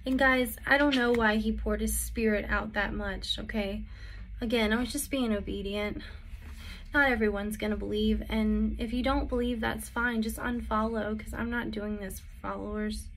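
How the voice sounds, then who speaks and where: A woman's voice: fairly high pitch, steady tone, normal speed, a bit bright, slight background noise. A woman reading Bible verses and giving a prophetic message as a social media faith speaker, earnest and pleading.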